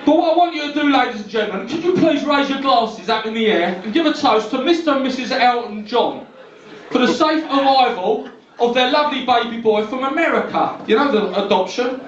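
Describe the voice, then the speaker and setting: Playing a brash, cheeky cab driver, a London-accented man does stand-up in a pub comedy venue, leaning heavily on tag questions. His voice is extremely high and lively, fairly quick, and caught on a distant mic in a dull, roomy club recording.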